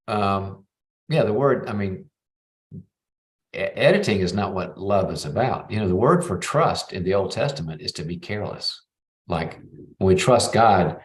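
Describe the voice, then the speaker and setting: Brief: middle-aged male advice host, lowish voice, chatty, role-plays both partners. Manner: warm coaching, acts out both sides of a talk. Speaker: psychologist host. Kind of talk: live call-in advice show.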